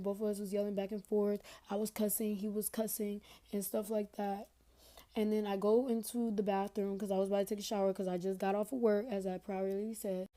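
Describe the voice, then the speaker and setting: A woman's voice: medium pitch, mellow. A young woman tells a personal story straight into her phone in a loose, rambling way. She talks in slang and keeps turning to her viewers directly. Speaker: TikTok storyteller. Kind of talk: casual storytime rant.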